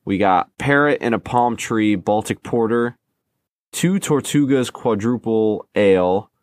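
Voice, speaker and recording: Joking low-voiced man on a podcast. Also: unhurried, no echo. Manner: joking, reads names aloud with stumbles. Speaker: podcast co-host. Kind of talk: casual chat. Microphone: close microphone.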